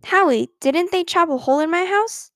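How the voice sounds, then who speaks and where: A stubborn little first-grade girl, high-pitched and indignant, as a woman reading aloud puts her on. She insists and shouts her case in a close, dry storybook reading. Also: lively intonation, moderate pace, no room sound, heavily acted. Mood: insistent.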